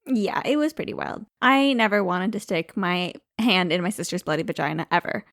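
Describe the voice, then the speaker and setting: A young adult woman co-hosting a podcast in casual chat, lively with playful emphasis. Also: on the low side, moderate pace, no echo, clean studio sound. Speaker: podcast co-host, healthcare professional.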